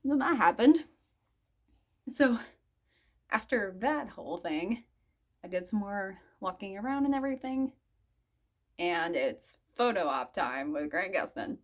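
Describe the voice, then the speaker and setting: A woman in her mid-twenties telling a story in a casual vlog. She is giggly and excitable, laughs often, and rambles with lots of "I'm like" asides. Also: medium pitch, measured pace, pauses often. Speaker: vlogger.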